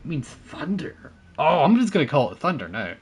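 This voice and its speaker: A man's voice: a little high, sing-song, normal speed, slightly rough. A man streaming a naval battle game, chatting with his viewers and teammates, thanking supporters and laughing often as he plays. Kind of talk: casual gameplay commentary.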